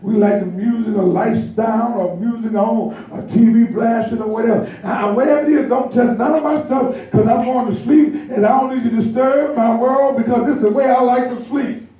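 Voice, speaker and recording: A man preaches with a high, mellow voice, lively and laughing as he acts out the people in his stories. He sounds far from the microphone in a very echoey church hall. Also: moderate pace. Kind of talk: sermon. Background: congregation responding.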